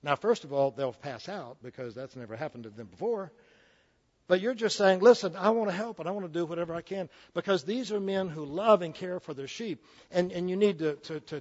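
A man in his sixties gives a sermon in a slightly raised voice, folksy and joking as he stumbles through restarts. The recording is dull and lo-fi. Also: a little high. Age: 60s. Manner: folksy, jokey, with frequent restarts. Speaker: preacher.

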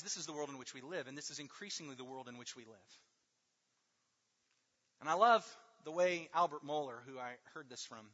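A male preacher with a bright, forceful, somewhat high voice delivers an emphatic sermon. He builds his points through repetition and slows way down on key words. The sound is dull and lo-fi, with a long hall reverb trailing each phrase. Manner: emphatic, with rhetorical repetition and slow drawn-out stresses.

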